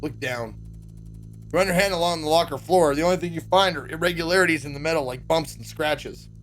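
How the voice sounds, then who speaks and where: A man streaming himself as he reads a visual novel aloud, sarcastic and swearing freely. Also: a little fast. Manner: sarcastic, swears freely, acts out quoted lines with pitch jumps.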